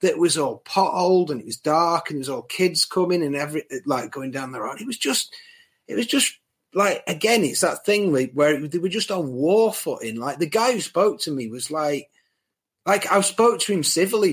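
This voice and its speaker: A man's voice: a little high, lively intonation, normal speed, slightly rough. A man telling an exasperated story in casual chat.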